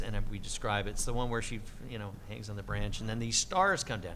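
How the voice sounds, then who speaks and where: A middle-aged man, a voice actor telling stories at a convention interview, animated and acting out quotes with lively swings in pitch. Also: quick pace, few pauses, in a large hall, background noise. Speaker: voice actor guest.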